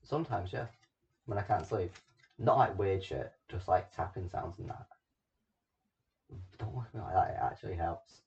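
Man, lowish voice, eager, casual podcast chat. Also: normal speed, vocal fry, long pauses, a little mellow, muffled recording. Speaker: podcast co-host.

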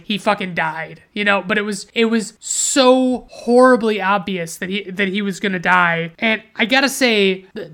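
A woman's voice: mid-range voice, a bit bright. A woman riffs through a casual movie review, her voice sitting in an ordinary middle register. She swears freely and piles on sarcasm, sounding openly exasperated with what she watched. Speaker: podcast host reviewing films.

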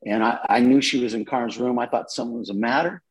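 A man's voice: medium pitch, fast, rough recording. A middle-aged man, a pastor, telling a personal testimony in an interview, earnest and with frequent repeated words. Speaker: associate pastor.

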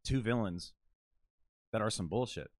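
A man's voice: fairly low pitch, measured pace, no room sound, clean studio sound. Rambling, swearing man on a podcast. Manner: rambling, filler-heavy, profane storytelling. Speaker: podcast co-host. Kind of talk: casual podcast chat.

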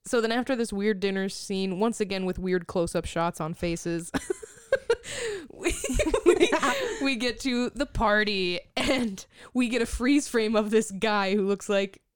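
A woman's voice: mid-range voice, takes it slowly, clear, resonant tone, dry recording, studio quality. A young woman co-hosting a podcast, walking through movie scenes with frequent laughter. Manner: lively, laughing narration of scenes. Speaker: podcast co-host. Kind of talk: casual movie recap chat.

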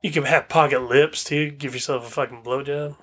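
A man's voice: mid-range voice, fairly even intonation, fairly quick, a bit bright, breathy edge. A man in crude casual podcast chat, laughing easily, swearing and calling his friend bro. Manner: profane, laughing, says bro a lot. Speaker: podcast co-host.

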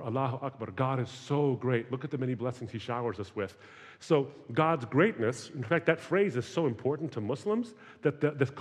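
A man in his forties giving a conversational talk to students, telling stories with wry humor. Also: medium pitch. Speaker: speaker. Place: large hall. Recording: hall with long reverb.

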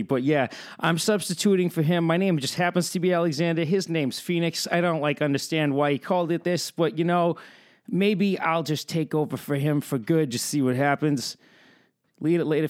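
A man's voice: medium pitch, dry recording, studio quality. A young man hosting a podcast in casual chat, rambling and joking at his own expense with exaggerated complaints. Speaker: podcast host.

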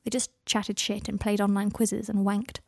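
A woman reading fan fiction aloud in a calm, even narrating voice. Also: medium pitch, normal speed, creaky, no room sound, clean studio sound. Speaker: reader.

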